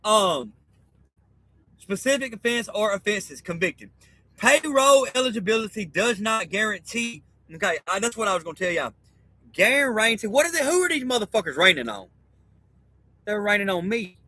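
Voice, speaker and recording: Man, high register, crisp dry sound; rambling profane monologue, conspiratorial teacher, keeps saying okay. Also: sing-song, normal speed, sharp tone, no room sound, rough recording. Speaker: self-styled teacher. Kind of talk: rambling spoken monologue reading a document aloud.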